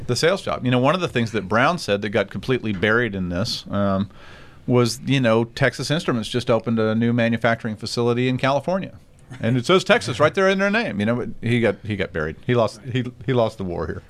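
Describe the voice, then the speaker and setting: A man in a casual political podcast chat, telling events in an animated way. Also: medium pitch, fast. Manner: animated storyteller, quotes people.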